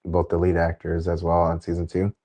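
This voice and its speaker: A man hosting a casual streamed interview, relaxed and rambling, laughing often as he talks. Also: low-pitched, brisk. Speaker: interview host. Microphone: remote stream call.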